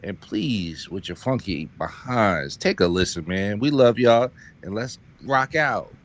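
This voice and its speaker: A man co-hosting a casual podcast, relaxed and loose, laughing easily with his friends. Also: lowish voice, unhurried. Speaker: podcast co-host.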